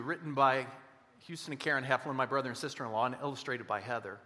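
A man preaching a sermon in a church, earnest and slowing down to stress key words. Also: medium pitch, pushed and bright, long reverb tail. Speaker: pastor. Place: church sanctuary.

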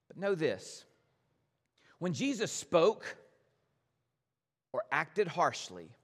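A man preaching a sermon as pastor, gentle and earnest, addressing his congregation directly. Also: a little high, big-room sound.

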